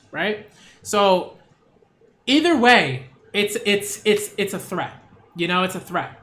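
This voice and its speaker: A man's voice: high voice, expressive, takes it slowly, pauses often, a bit bright, reverberant. A man reviewing manga in a casual read-along, rambling with many fillers and restarts.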